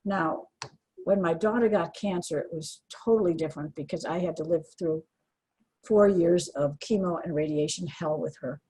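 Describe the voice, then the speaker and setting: Older woman, husky voice, earnest, heartfelt, guest talk. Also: lowish voice, dark tone, rough recording. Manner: earnest, heartfelt, restarts and trailing pauses. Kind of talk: emotional personal interview.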